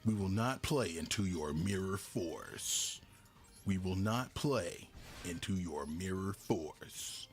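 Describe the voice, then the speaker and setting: A man streaming a card game live, loud and playful, laughing and breaking into sudden high shouts and mock-preachy lines. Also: takes it slowly, soft background music. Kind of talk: live gameplay commentary.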